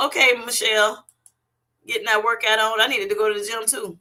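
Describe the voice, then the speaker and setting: A woman's voice: fairly high pitch, fairly even intonation, fairly quick, bright, forceful tone. Laughing woman chatting with her livestream. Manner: laughs often, playful and teasing. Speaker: livestream host. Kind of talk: casual livestream chat reading comments. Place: at work. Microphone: phone.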